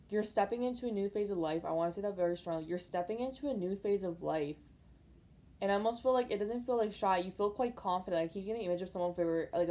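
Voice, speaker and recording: A woman gives a casual tarot reading straight to her viewers. Her voice is mellow and sits slightly low. She rambles through intuitive impressions, leaning on filler words as she goes. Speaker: tarot card reader. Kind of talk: casual pick-a-card tarot reading to camera.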